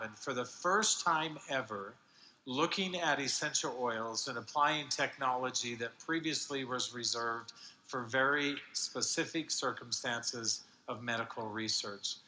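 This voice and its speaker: Bright-voiced man introducing a speaker. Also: medium pitch, a little hiss or hum. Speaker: host introducing a guest speaker. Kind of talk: stage introduction. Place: large convention hall. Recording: roomy hall with faint ambience.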